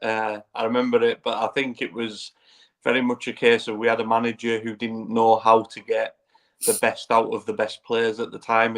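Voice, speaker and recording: Flat, gravelly English football pundit. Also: male voice, on the low side. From England. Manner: measured, reflective. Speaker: podcast panelist. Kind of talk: casual football chat.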